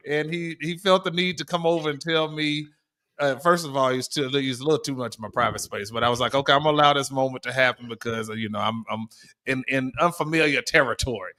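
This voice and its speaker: A man's voice: mid-range voice, fast, pushed and bright. Laid-back male co-host telling a story. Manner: laid-back storyteller, acts out quoted lines. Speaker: podcast co-host. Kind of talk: casual chat, storytelling.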